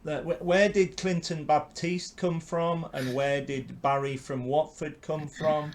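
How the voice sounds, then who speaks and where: A man hosting an interview, enthusiastic and quick to laugh and agree with his guest. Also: fairly high pitch, fairly even intonation, slight background noise. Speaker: interviewer, blog host. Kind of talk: casual interview chat.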